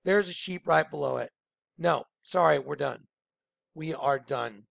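A man's voice: a little high, unhurried, vocal fry, fairly bright tone, dry recording, studio quality. A man talking casually and emphatically over on-screen images, rambling and repeating his points. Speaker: online video presenter.

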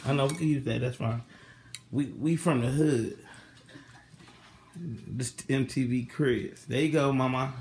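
A man's voice: mid-range voice, measured pace, pauses often, a little mellow. Man, casual home-kitchen vlogger, mid voice, encouraging coach tone, light background noise. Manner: coaxing, patient, calls out directions. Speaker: vlogger teaching kids to cook. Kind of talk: casual vlog instruction.

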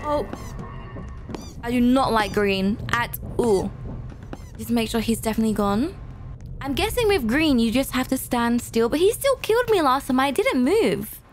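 A woman's voice: a little high, animated, moderate pace, a little hiss or hum. A woman hosting a gameplay channel, commenting as she plays and gasping often, easily frightened. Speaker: gaming channel host. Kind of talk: let's play gameplay commentary.

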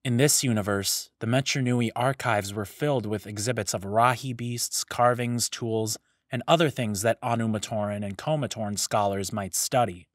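A man narrating a fantasy story serial in a measured, even storytelling manner, close to the mic. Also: on the low side, dry recording. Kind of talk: scripted audiobook narration.

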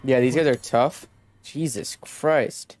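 A young man streaming a horror video game, reacting with excitable, profane trash-talk into a desk mic at home. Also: medium pitch, takes it slowly. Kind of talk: let's play commentary.

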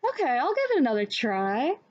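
A woman's voice: high voice, wildly swooping pitch, a little fast, heavily acted. A woman reading a storybook, voicing a timid, nervous young boy who speaks shakily and hesitantly. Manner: shaky and hesitant. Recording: dull lo-fi recording.

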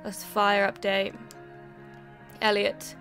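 A young woman, a gaming YouTuber, chats through a let's play, reacting to the game and reading its text aloud. Her mid-range voice is monotone and a little bright, and she takes her time. Soft music plays in the background.

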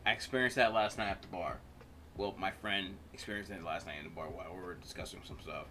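Bright-voiced man reacting casually. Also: low-pitched, quick pace, a little hiss or hum. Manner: casual, swearing, laughing along. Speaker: reaction video host.

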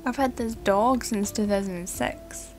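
A young woman giving casual, excitable commentary while playing a video game, giggling and swearing now and then. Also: medium pitch, unhurried, faint music behind. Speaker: let's play gamer.

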